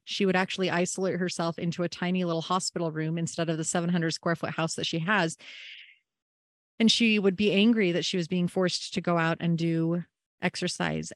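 Woman, podcast host, personal storytelling, earnest and reflective, lowish voice, dry close sound. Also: no room sound. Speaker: podcast host and family caregiver.

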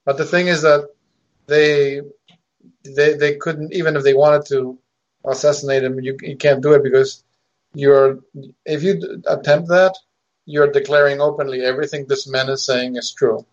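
A man's voice: medium pitch, steady tone, normal speed, muffled recording. A man co-hosting an online talk show, giving intense opinions and often restarting his words. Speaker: co-host. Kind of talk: casual commentary.

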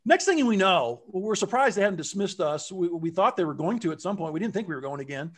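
A man with a notably high voice recounts a story in a relaxed, conversational way. He springs into little acted-out quotes, and his voice leaps up and down as he does. The delivery is lively and expressive throughout. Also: fairly quick. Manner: animated, acts out quotes with big pitch jumps. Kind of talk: casual storytelling.

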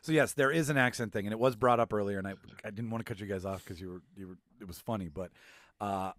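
A man's voice: lowish voice, quick pace, fairly bright tone, dry recording, clean studio sound. A man hosting a casual podcast chat, leading the game, swearing and laughing easily. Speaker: podcast host.

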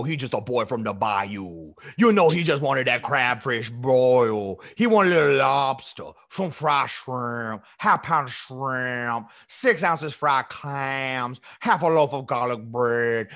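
A man putting on a drawling Cajun bayou boy. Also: a bit bright. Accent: Cajun, Louisiana (put on). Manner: slow drawl, lower pitch.

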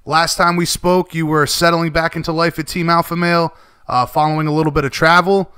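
A male radio host keeps the talk easygoing and friendly, calling his guests buddy and brother. His voice is bright and smooth, with a dry, close sound. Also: on the high side, little pitch movement, brisk, dry recording. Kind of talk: casual radio interview and show links.

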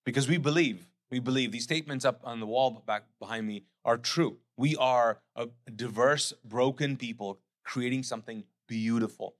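A middle-aged pastor from Pakistan, preaching a sermon with animated storytelling that settles into quiet, earnest reflection. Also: male voice, medium pitch, normal speed, hardly any pauses.

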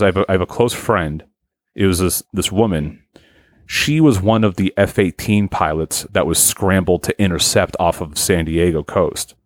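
A man's voice: low voice, dry recording, studio quality. A man co-hosting a casual podcast chat, rambling and swearing as he tells a story with many restarts. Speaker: podcast co-host.

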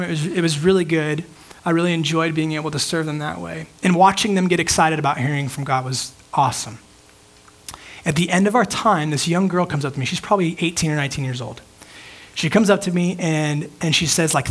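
A young man who is a pastor, preaching a sermon in a casual storytelling manner, full of "like" and restarts. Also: on the high side. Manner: casual, filler-heavy storytelling with frequent "like".

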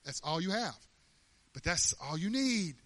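A man preaching a sermon in an animated, emphatic way, often laughing as he talks. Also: high-pitched, unhurried, dry recording.

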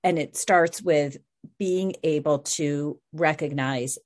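Give me a middle-aged woman whose voice sits very low. She speaks softly and earnestly as a guest in a reflective conversation, and she pauses and restarts as she searches for words. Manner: soft-spoken, earnest, with frequent restarts.

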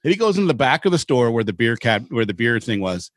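Middle-aged man from Seattle, podcast co-host, rambling animated storyteller, dry close sound. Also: medium pitch, fast, dry recording. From Seattle, Washington. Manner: rambling, animated anecdotes with casual swearing. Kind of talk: casual storytelling chat.

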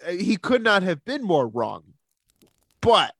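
Young male podcast co-host, slightly high voice, long chatty explanations, dry close sound. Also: big pitch swings, takes it slowly, gravelly, fairly bright tone, slightly rough, dry recording. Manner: storytelling, explains at length with asides. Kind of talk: casual chat.

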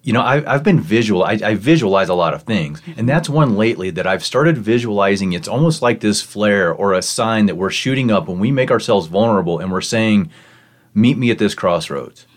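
A man hosting a podcast interview, asking thoughtful questions in a measured, reflective way. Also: fairly low pitch, animated. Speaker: podcast host.

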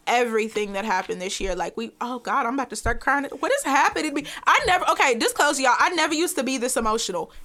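A young woman co-hosting a podcast, talking in an animated, emphatic way and laughing often. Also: high voice, fast, hardly any pauses. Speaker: podcast co-host. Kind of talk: casual chat.

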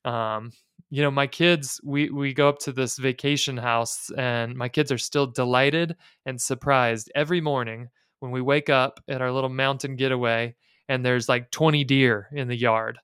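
Smooth-voiced man chatting on a podcast. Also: medium pitch, steady tone, fairly bright tone, no echo, studio quality. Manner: chatty, quick asides and jokes. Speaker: podcast co-host. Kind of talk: casual chat.

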